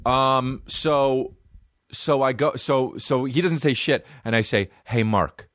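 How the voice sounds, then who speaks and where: A man in his thirties hosting a comedy podcast, ranting in a profane, animated way. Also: medium pitch, slow, dry recording, studio quality. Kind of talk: casual comedic rant.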